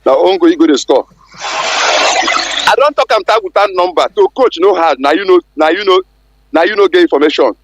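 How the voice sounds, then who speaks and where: Nigerian guy phoning in all worked up, highish voice, dry close sound. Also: animated, normal speed, long pauses, fairly bright tone, dry recording, low-quality recording. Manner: irate, insistent. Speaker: caller. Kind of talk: heated phone-in rant.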